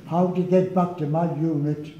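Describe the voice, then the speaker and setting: A man in his nineties telling wartime anecdotes to a local group, with dry humour and frequent pauses. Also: on the high side, steady tone, dark tone, a little hiss or hum. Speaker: war veteran giving a talk. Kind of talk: storytelling talk to a local group. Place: village hall. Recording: echoey hall, dull lo-fi sound.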